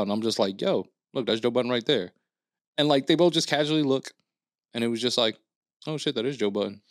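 A man telling a long story on a podcast, with plenty of swearing and fillers. He acts out the other people in the story as he goes. His voice sits at a middle pitch and the sound is dry and close. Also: no room sound. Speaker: podcast co-host. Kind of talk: casual storytelling chat.

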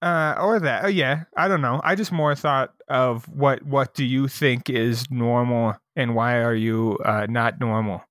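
A man's voice: medium pitch, fairly even intonation, measured pace, few pauses, fairly bright tone, no echo, clean studio sound. A young man co-hosting a casual podcast, riffing on jokes and swearing freely. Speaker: podcast co-host.

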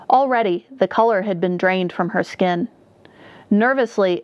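A woman narrating a dark fantasy story in a measured storytelling manner. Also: mid-range voice, no room sound. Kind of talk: audiobook narration. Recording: dull, dry recording.

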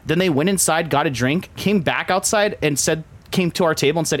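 A man's voice: a little high, a little fast. Rambling casual podcast host, man. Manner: rambling storyteller, heavy use of filler "like". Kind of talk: casual chat.

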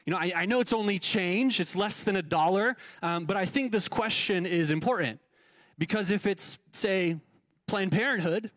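High-voiced man preaching a casual sermon. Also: moderate pace, fairly bright tone, no room sound. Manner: conversational, repeats words, rhetorical questions. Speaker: pastor. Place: church sanctuary.

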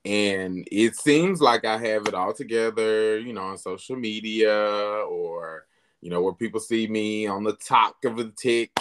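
A man hosting a podcast in a casual, heartfelt chat, speaking candidly and getting animated as he recounts his own thoughts. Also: lowish voice, unhurried. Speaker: podcast host.

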